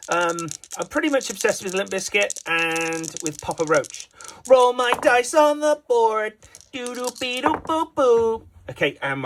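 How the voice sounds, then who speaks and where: A man's voice: fairly high pitch, fairly bright tone, slight background noise. A man giving jokey, playful play-by-play commentary on a dice game as its host.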